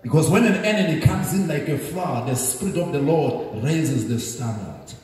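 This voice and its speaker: Man, bishop preaching, high voice, animated, emphatic sermon, heavy hall echo. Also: moderate pace, a little hiss or hum. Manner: emphatic, repetitive call-and-response preaching. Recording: echoey hall, distant mic.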